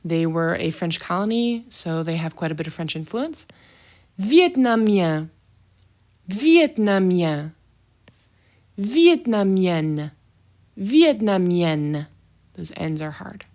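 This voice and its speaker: A woman's voice: low voice, normal speed, gravelly, hardly any pauses. A woman teaching a French vocabulary lesson, saying each word twice, then explaining it in brief asides.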